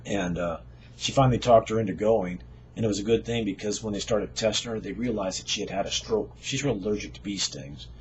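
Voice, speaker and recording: A man's voice: fairly low pitch, brisk, dull audio, slight background noise. A man casually telling a personal faith story in a conversational, folksy way. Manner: conversational, folksy, with fillers and chuckles. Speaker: storyteller sharing a faith testimony.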